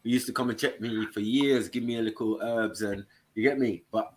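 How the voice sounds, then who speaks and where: A man's voice: lowish voice, brisk. A young man, chatting casually on a live panel and telling stories in slang, acting out the people he quotes. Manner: relaxed storyteller, slangy, acts out quoted voices.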